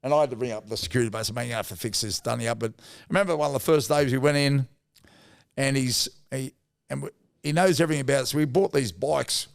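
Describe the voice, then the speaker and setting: A man's voice: mid-range voice, quick pace, vocal fry. A middle-aged Australian man telling rambling, blokey anecdotes as a podcast guest, with mild swearing. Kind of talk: casual storytelling.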